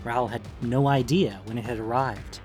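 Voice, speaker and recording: A man narrating a fantasy audiobook with expressive storytelling. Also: medium pitch, normal speed, soft background music. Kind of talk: scripted narration.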